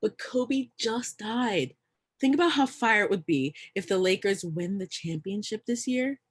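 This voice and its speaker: A woman's voice: mid-range voice, lively intonation, a little slow, husky. A woman playing a playful, teasing young woman arguing basketball, read over a video call. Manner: teasing, showy.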